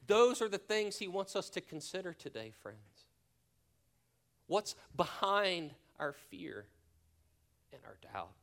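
A male pastor preaching a sermon, his voice sitting a little higher than most men's. He speaks earnestly and deliberately, often sinking to a hushed near-whisper to press a point home. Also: animated, vocal fry. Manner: leads a spoken prayer.

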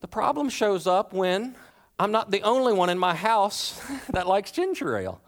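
A man in his thirties preaching a sermon in a church, talking in a relaxed, conversational way, with playful asides and frequent restarts. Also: sits high, unhurried. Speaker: pastor.

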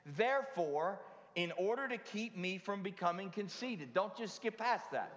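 A man's voice: high voice, expressive, unhurried, a bit bright. A man preaching a sermon in a conversational way, with frequent asides to the congregation. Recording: long hall reverb.

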